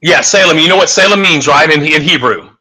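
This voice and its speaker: A man's voice: fairly high pitch, fairly quick, pushed and bright, poor audio. A man on a talk show giving a heated, profane, rambling rant, full of emphatic restarts. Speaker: guest.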